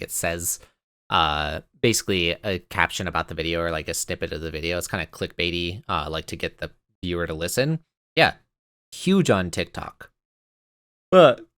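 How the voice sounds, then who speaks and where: A man's voice: deep voice, fairly bright tone, clean tone, no room sound, studio quality. A man co-hosting a podcast, a bit tired and yawning, rambling in casual chat with lots of fillers. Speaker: podcast co-host.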